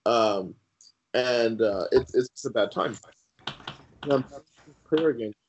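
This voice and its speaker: A man guest on a podcast sharing his personal faith testimony in an earnest, halting way with many fillers. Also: mid-range voice, highs cut off, a little hiss or hum.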